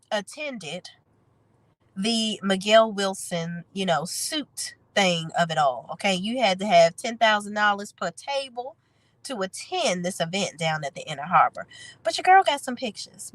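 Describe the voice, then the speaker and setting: A woman's voice: medium pitch, dry recording, poor audio. A woman reviewing a reality TV episode in chatty, sassy casual commentary, her voice nasal and congested from a cold. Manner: chatty, sassy, talks straight to viewers.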